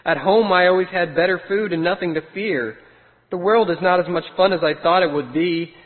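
A man doing a frightened little lost sheep from a rhyming storybook, worried and pleading. The voice sits high and comes through a thin, phone-like line with a long, hollow reverb. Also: normal speed, natural voice. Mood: worried, sad.

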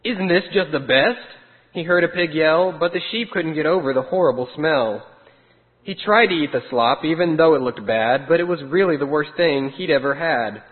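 A man reads a rhyming storybook aloud in a steady, sing-song rhythm. His fairly high voice comes through a thin, phone-like line with a long, hollow reverb. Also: moderate pace.

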